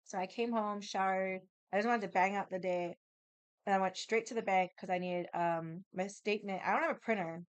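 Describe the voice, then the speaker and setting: A woman's voice: medium pitch, steady tone, fairly quick, clear, resonant tone, no echo. A woman casually telling a rambling story about her day as a vlogger, with lots of filler words.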